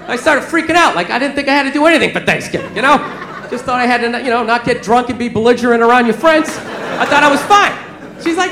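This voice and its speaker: A man performs stand-up in a very high, piercingly bright voice, punching his jokes with shouts. The room is echoey and full, with crowd laughter and background noise behind him. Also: lively intonation, fast. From Southern United States. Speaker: stand-up comedian. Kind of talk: stand-up comedy. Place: comedy club stage with audience. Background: audience laughter.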